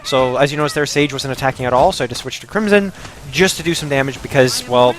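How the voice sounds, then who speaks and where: Giggly, slightly hoarse gaming host. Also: male voice, mid-range voice, quick pace. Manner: laughs often, explains game mechanics. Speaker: host guiding a game run. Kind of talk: gameplay commentary with friends.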